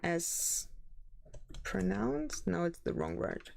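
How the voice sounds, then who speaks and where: A woman's voice: on the low side, animated, slow pace, vocal fry, a little mellow, a little hiss or hum. A woman from Germany with a German accent, chatting casually with her livestream viewers and now and then searching for the right English word. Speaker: streamer.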